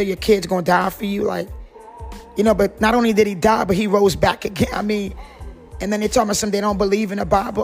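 A woman's voice: medium pitch, gravelly. A woman, hosting a podcast and rambling through casual faith talk full of "you know what I'm saying.". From North Carolina. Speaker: podcast host.

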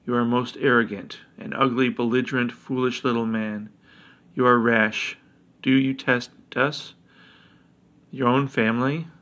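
A man's voice: medium pitch, steady tone, a little slow, fairly bright tone, natural voice. A man voicing a proud elder dragon who snarls a contemptuous rebuke. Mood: scornful.

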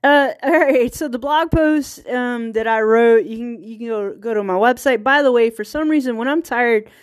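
A woman's voice: fairly high pitch, moderate pace, dry recording, studio quality. Rambling woman with a rural Virginia accent. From small-town Virginia. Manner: rambling, with frequent restarts and laughs. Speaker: podcast host. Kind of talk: casual solo podcast chat.

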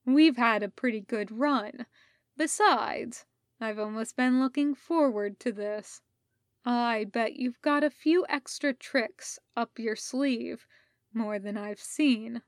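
A woman's voice: a little high, slow, no echo, studio quality. A woman voicing a menacing male Sith lord who mocks and coaxes in a fan audiobook reading. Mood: mocking. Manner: mocking, coaxing.

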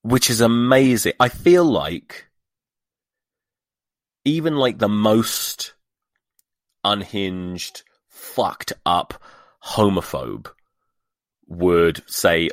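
A sweary man hosts his own podcast in a lowish voice, dripping with sarcasm and exasperation. The recording is dry and close, with no room sound around him. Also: very animated, a little slow, no echo. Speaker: podcast host. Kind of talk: solo podcast rant.

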